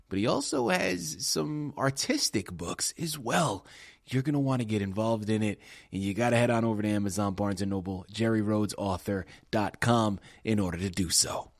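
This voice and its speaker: A male radio host with a low, husky voice, recorded dry and close. He talks with energy and emphasis, speaking straight to the listeners. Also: animated, normal speed, no echo. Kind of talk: interview host wrap-up.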